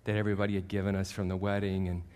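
This preacher, a pastor in his fifties, has a deep, clear, resonant voice and talks very fast. His sermon runs on animated, self-deprecating stories from his own life, which turn loud at the punchlines.

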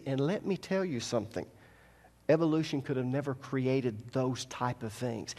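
High-voiced man preaching a Bible study. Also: big-room sound. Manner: teaching verse by verse, reading scripture aloud; folksy asides to the congregation. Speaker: pastor. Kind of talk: sermon.

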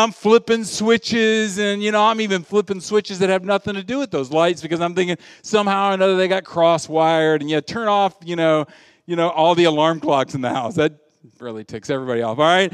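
A man's voice: sits high, moderate pace, smooth, no echo, studio quality, in a large hall. A male pastor preaching a sermon, telling stories with humor and acting out the voices of the people in them. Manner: animated storytelling, acts out quoted voices; humorous, self-deprecating asides.

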